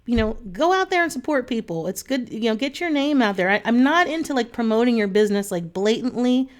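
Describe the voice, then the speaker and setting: A woman's voice: a little high, animated, a little fast. Earnest chatty woman coach. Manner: chatty, earnest, many fillers and restarts. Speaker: coach addressing her online group. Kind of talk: casual talk to camera.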